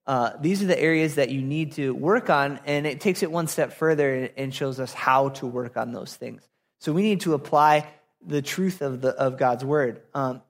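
Young pastor preaching in a reverberant hall. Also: male voice, fairly high pitch. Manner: casual conversational preaching with fillers. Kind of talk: sermon.

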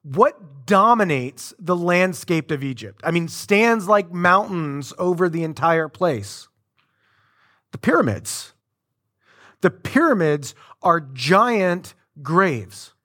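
A man preaching a sermon in a conversational, animated way, with casual asides to the congregation. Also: high voice, takes it slowly. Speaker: pastor.

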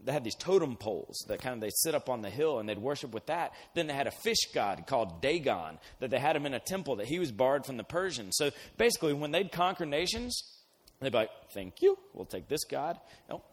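Man, lively Bible storytelling, casual slang, mid-pitched voice, long reverb of a church hall. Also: quick pace, husky. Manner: animated storytelling, voicing characters in slang.

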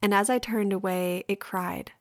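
A woman hosting a podcast who speaks calmly and gently and reads a poem aloud. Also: mid-range voice, no echo, clean studio sound. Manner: calm, unhurried, gentle. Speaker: podcast host.

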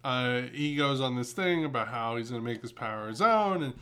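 A man's voice: medium pitch, lively intonation, fairly quick, a bit bright, clear, resonant tone. A man co-hosting a casual anime recap chat, snarky and swearing, acting out quoted lines. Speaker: podcast co-host.

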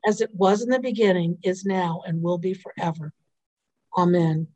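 Woman reading scripture at a measured pace. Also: on the low side, steady tone, warm tone, lo-fi sound. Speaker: scripture reader. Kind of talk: liturgical responsive reading.

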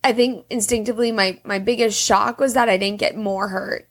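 A woman's voice: medium pitch, steady tone, moderate pace. A young woman tearfully telling a personal story in a casual, rambling way, full of fillers. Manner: rambling, emotional, heavy use of "like".

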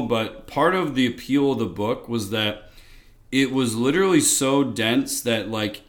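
A man co-hosting a casual beer-tasting podcast, telling earnest, rambling stories with lots of filler words. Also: mid-range voice. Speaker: podcast co-host. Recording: roomy, echoey room sound.

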